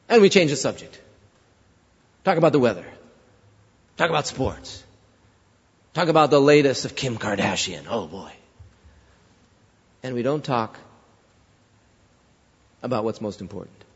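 Man, pastor, sermon with rhetorical questions; lo-fi church hall sound. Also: fairly high pitch. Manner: storytelling, rhetorical questions to congregation. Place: large church sanctuary. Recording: dull lo-fi reverberant church recording.

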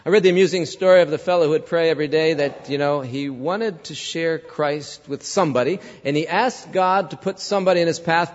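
A man's voice: on the high side, a little fast, few pauses. Man, pastor, sermon with rhetorical questions; lo-fi church hall sound. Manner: storytelling, rhetorical questions to congregation. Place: large church sanctuary. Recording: dull lo-fi reverberant church recording.

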